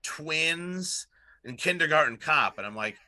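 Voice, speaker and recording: A man in his thirties with a very bright, forward voice, talking casually and rambling through stories. He fills every pause with fillers and swears freely. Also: a little high, lively intonation. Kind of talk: casual chat.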